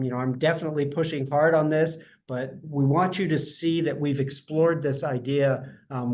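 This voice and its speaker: A man presenting an architecture project at a public design review, talking fast and earnestly with many restarts. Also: a little high, darkish tone. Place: remote public meeting.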